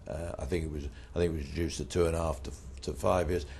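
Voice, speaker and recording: Very low-voiced older man telling anecdotes. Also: fast, creaky, a little hiss or hum. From Britain. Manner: blunt, animated anecdotes, voices rising in quoted retorts. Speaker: interviewee. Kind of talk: anecdotal storytelling.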